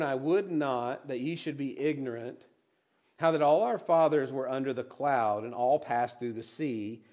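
Man preaching, higher voice, scripture reading then plain explanation, animated. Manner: reads scripture aloud, then explains it conversationally; animated, drops to quiet emphasis. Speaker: pastor. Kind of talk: sermon.

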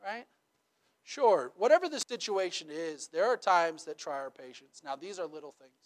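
A pastor with a high voice speaks at normal speed, preaching casually and conversationally. He keeps checking in with rhetorical questions like "right?" and tells animated, humorous stories.

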